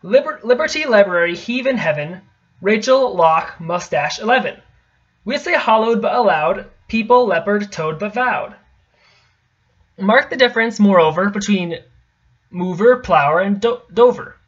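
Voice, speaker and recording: A young man reading a tricky poem aloud in a casual, halting way, often stopping to correct himself and mutter asides. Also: high-pitched, expressive, fairly bright tone. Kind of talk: casual stumbling read-aloud. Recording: dull lo-fi home recording.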